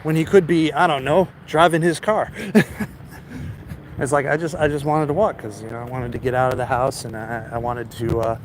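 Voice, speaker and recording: A man's voice: mid-range voice, steady tone, normal speed. A man vlogging on a phone as he walks down a city street, rambling through a story, stammering and often laughing. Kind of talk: rambling storytelling while walking. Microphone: phone held while walking. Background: street traffic noise.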